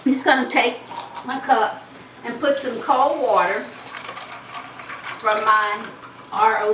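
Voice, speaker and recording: Chatting her way through every step, a Southern US woman with a medium-pitched voice hosts a cooking show from her home kitchen. Background noise is present, and the distant mic gives a roomy sound.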